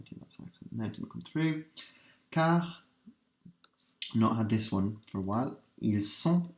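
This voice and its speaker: A man teaching a revision lesson, working through translations step by step and asking his students quick questions. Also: on the low side, vocal fry, darkish tone. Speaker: language teacher. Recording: roomy echo.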